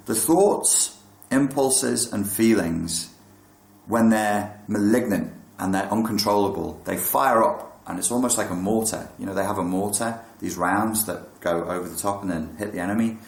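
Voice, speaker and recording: Gravelly and on the low side, this man speaks at a normal pace in a reverberant space, giving a casual, candid talk on meditation and mental health. He curses occasionally and dramatizes his thoughts in quotes.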